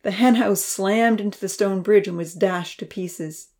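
A woman narrating a children's storybook, voicing the characters with a higher pitch and dropping to a whisper for quiet thoughts. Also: measured pace. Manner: reads characters' lines with raised pitch and soft whispers.

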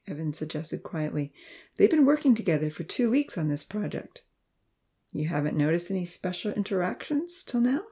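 Soft-spoken woman reading a story. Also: on the low side, normal speed. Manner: soft-spoken, dropping to hushed whispers for asides. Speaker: audiobook narrator. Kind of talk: scripted narration with character dialogue.

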